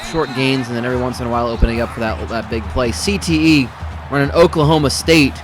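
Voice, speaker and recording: A man's voice: medium pitch, fairly even intonation, fast talker, background noise. A man calling simulated football games for a stream, rambling and correcting himself as he goes, with dry humor and music playing behind. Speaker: play-by-play commentator. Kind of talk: simulated game commentary over a stream.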